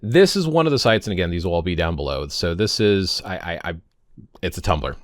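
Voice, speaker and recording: In his fifties, a pagan vlogger talks casually to camera, rambling, stumbling on words and often stopping to correct himself. His deep voice has lively intonation and a slightly fast pace, recorded with studio quality and no room sound.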